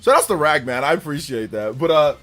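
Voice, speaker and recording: A man hosting a live stream, his voice pitched high and swinging widely as he rants. He talks in quick, mocking bursts, with faint music playing underneath. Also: expressive, a bit bright. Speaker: streamer host. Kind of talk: live stream commentary chat.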